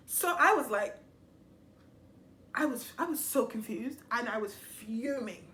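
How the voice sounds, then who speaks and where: Young female vlogger, exasperated storyteller, slightly high, echoey room recording. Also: a little slow, long pauses. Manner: animated, exasperated storytelling, addressing viewers. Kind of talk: storytime vlog. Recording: echoey room, faint noise.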